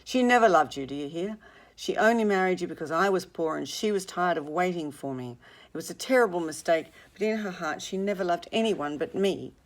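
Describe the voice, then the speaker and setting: Woman reading a passionate young suitor, insistent, low-voiced reader. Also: lively intonation, moderate pace, darkish tone. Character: intense young man, urgent and pleading.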